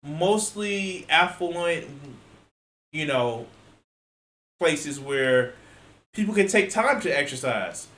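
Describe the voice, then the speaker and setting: A man in an echoey room rants in an exasperated, sarcastic way and swears freely. His voice is bright and sits a little high. He argues back in loose, rambling commentary. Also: expressive, slow, pauses often. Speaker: reaction video host. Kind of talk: ranting reaction commentary.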